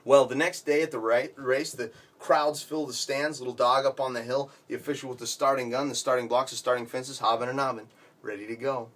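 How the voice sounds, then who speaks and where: A man telling a long shaggy-dog joke with animated storytelling. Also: medium pitch, brisk, a little hiss or hum. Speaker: joke teller.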